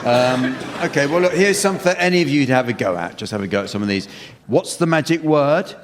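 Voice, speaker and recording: Deadpan male panel show host. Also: mid-range voice, brisk. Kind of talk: scripted comedy panel show hosting. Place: theatre stage before a live audience. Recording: reverberant hall, loud noise.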